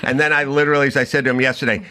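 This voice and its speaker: A man's voice: medium pitch, level tone, very fast, pushed and bright. A middle-aged man hosting a talk show, telling a comedic story and acting out both sides of the conversation. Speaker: podcast host.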